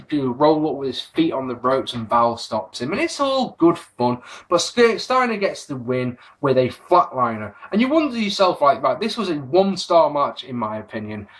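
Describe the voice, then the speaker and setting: A British man hosting a casual solo podcast, reviewing with sarcasm and plenty of swearing. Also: medium pitch. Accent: British English. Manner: animated, sarcastic, swears freely. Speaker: podcast host.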